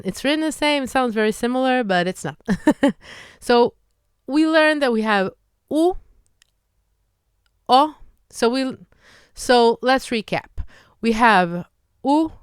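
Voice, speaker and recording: Slow, clear-voiced Israeli woman teacher. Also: mid-range voice, dry recording, studio quality. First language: Hebrew. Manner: slow, demonstrative, drawn-out vowel drills. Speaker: Hebrew teacher. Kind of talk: pronunciation lesson.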